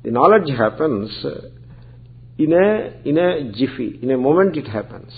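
A man's voice: medium pitch, big pitch swings, a little slow. A man, teaching scripture as a swami in a conversational, explanatory lecture. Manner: conversational, explanatory, peppered with Sanskrit terms. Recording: tinny phone-like recording.

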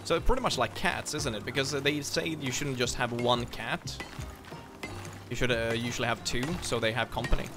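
A man's voice: mid-range voice, steady tone, normal speed, music in the background. A man joining a co-op gameplay session, chatting easily and laughing often. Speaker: co-op gaming guest. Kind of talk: casual gameplay chat.

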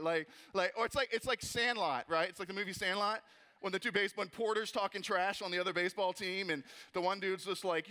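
A young man preaching with a high, bright, ringing voice. He talks with energy and humor, often repeating words and slipping into quick put-on voices for the people in his stories. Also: clean tone. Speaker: pastor. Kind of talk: sermon. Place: church auditorium.

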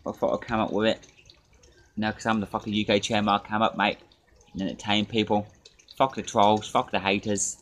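A man's voice: fairly low pitch, level tone, a little fast, fairly bright tone, a little hiss or hum. A man ranting and swearing at his critics in a casual drinking vlog, recorded outdoors in a garden. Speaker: drinking vlogger.

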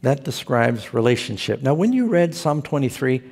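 A man's voice: mid-range voice, very animated, normal speed, darkish tone, husky. A male pastor preaching a sermon, telling stories with humor and asking his listeners questions. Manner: humorous storytelling preacher who asks the audience questions.

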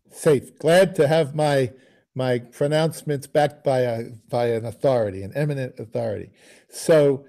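A man teaching a music masterclass, musing aloud and singing phrases to explain them. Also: medium pitch. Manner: musing, sings phrases, trails off quietly. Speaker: bassoon teacher giving a masterclass.

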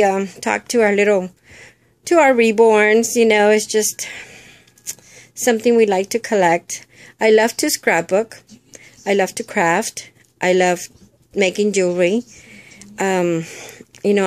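An older woman chatting casually to camera about her hobbies, rambling with lots of fillers. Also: no echo. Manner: coos in a high baby-talk voice to her doll. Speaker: vlogger.

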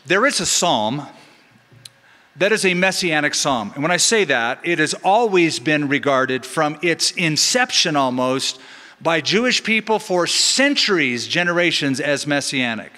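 A middle-aged man, a pastor, preaching a sermon in an animated way with joking asides, in a large church. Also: a little high, unhurried. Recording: long hall reverb in church.

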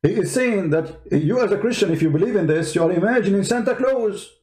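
A man's voice: high-pitched, lively intonation, brisk, a little mellow. A man giving mocking, emphatic commentary on video clips as a show host.

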